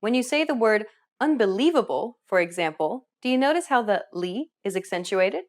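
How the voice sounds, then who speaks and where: A woman's voice: mid-range voice, expressive, fairly quick. Upbeat woman narrating a language lesson. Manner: upbeat, clear instructional delivery. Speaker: language teacher.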